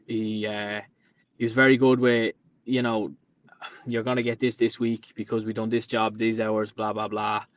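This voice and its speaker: A man's voice: fairly low pitch, flat delivery, moderate pace. A man in his late twenties with a Dublin Irish accent, a podcast guest telling rambling stories and acting out the things people said. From Ireland. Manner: rambling storyteller who acts out quoted dialogue. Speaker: podcast guest, painter and decorator. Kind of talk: casual chat. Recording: dull lo-fi sound.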